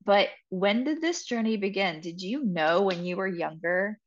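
A woman's voice: mid-range voice, moderate pace, a little hiss or hum. A woman hosting an interview, chatty and reflective, thinking aloud. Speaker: interview host. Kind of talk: casual interview conversation. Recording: dull lo-fi audio.

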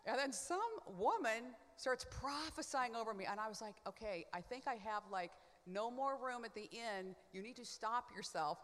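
A woman guest on a panel, giving an expressive personal testimony in a chatty way, full of quick asides and filler words. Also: on the high side, big-room sound. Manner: expressive, swings from hushed to loud.

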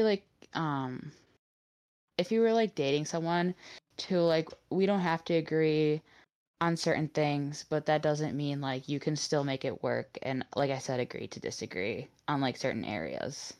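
A woman's voice: low voice, normal speed, a little mellow. A woman co-hosting a casual podcast, hesitant and full of "like" and "um". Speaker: podcast co-host.

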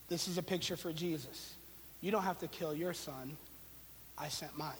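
High-voiced man preaching with reverb. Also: moderate pace, a little hiss or hum. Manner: slangy, playful, with sarcastic asides. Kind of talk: casual conversational sermon.

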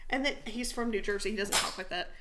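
A woman's voice: mid-range voice, steady tone, quick pace, noisy background. A young woman co-hosting a casual podcast, telling stories in a chatty way, swearing freely and acting out the people in them. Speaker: podcast co-host. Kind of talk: casual chat.

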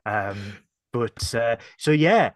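A chatty man with a northern English accent talks through a show recap. He jumps into sudden bright jokey asides. His voice sits at a medium pitch, recorded close and dry with no room sound. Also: sing-song, slow pace, no room sound. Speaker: podcast co-host. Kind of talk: casual review chat.

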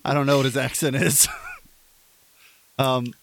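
A man's voice: mid-range voice, flat delivery, unhurried, creaky, dry recording. A man co-hosting a comedy podcast, joking, laughing often and narrating a silly made-up scene. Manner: jokey, laughs often, slides into silly voices. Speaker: podcast co-host and game narrator.

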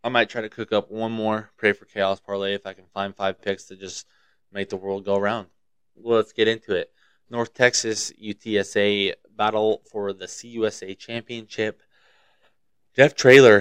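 A man's voice: fairly low pitch, fairly bright tone, clear, resonant tone, no echo. A young man from Montana hosting his own podcast, talking in a profane, rambling, fired-up way about whatever is on his mind. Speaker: podcast host. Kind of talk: casual solo podcast rant.

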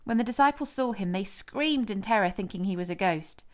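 Female narrator, mid-range voice, measured and expressive scripture reading. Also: mid-range voice. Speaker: scripture reader.

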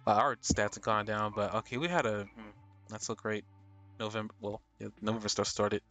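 A man's voice: fairly low pitch, steady tone, brisk, fairly bright tone, faint music behind. Man hosting a podcast, stumbling over words. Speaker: podcast host. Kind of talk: casual chat.

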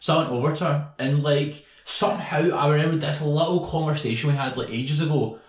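A man's voice: on the high side, fairly quick, echoey room. A man in his twenties telling a rambling, sweary story between laughs in a casual podcast chat. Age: 20s. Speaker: podcast co-host. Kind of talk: casual banter.

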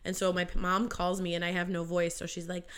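A woman co-hosting a podcast in casual chat, talkative and quick to laugh, still recovering from a lost voice. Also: lowish voice, monotone, fairly bright tone, clear, resonant tone. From Irish heritage. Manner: chatty, laughs often, talks a lot. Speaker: podcast co-host.

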